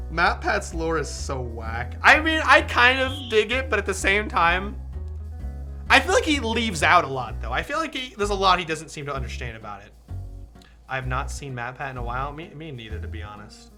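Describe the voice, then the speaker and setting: A streamer chatting with viewers and reading a visual novel aloud, excitable and swearing freely. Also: medium pitch.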